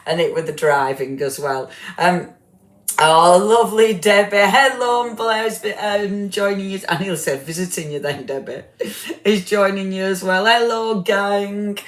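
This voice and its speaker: A woman's voice: mid-range voice, unhurried. A woman hosting a craft live stream, chatting casually and greeting viewers by name, tired after a big dinner. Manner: chatty, warm greetings, many fillers, self-deprecating. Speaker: livestream craft host. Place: home craft room. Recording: echoey room.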